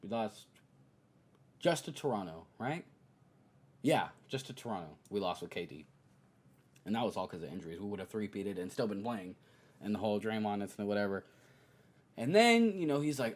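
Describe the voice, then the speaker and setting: A young man hosting a podcast, giving casual basketball opinions in an animated way and mocking players in high, exaggerated voices. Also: moderate pace, long pauses. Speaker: podcast host.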